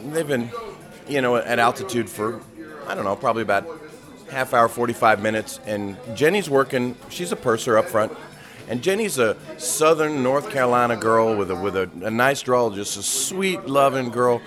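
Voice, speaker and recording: A man's voice: mid-range voice, moderate pace, over music. A man telling a story a flight attendant friend passed on to him, acting out the people in it. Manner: animated, acts out the people in the story. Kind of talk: casual storytelling.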